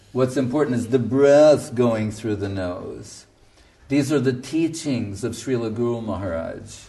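A man's voice: medium pitch, dark tone. A man lectures earnestly as a spiritual teacher, stressing his points and now and then chanting verses. His voice sits in a middle register. He sounds a little distant from the microphone. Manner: earnest, emphatic, quotes his guru in Bengali and Sanskrit. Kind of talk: devotional lecture.

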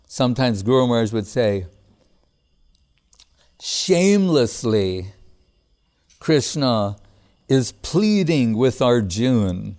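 A man's voice: mid-range voice, sing-song, takes it slowly, pauses often, darkish tone. A man giving a casual devotional class as a spiritual teacher, talking in a loose conversational way with frequent chuckles and restarts.

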